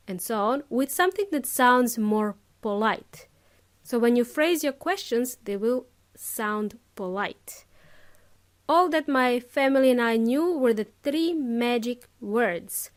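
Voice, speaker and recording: Slow, high-voiced woman teaching. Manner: slow and deliberate, repeating phrases with laughs. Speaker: English teacher. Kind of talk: podcast lesson.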